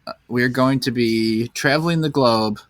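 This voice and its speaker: A man's voice: medium pitch, measured pace, no echo, studio quality. A man co-hosting a podcast, playful and fond of spinning up joke scenarios. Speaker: podcast co-host. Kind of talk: casual chat.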